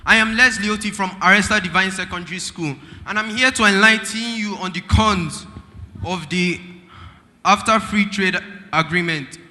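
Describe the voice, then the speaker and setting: A man's voice: sits high, bright, forceful tone. Earnest Nigerian teenage boy debating. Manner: earnest, halting with restarts. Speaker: student debater. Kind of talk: formal school debate speech. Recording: hall reverb.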